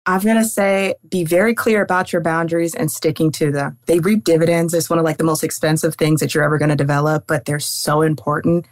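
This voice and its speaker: A young woman speaking as an interview guest, giving advice in a calm, measured manner. Her voice is low for a woman. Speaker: lawyer and guest. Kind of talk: casual interview chat.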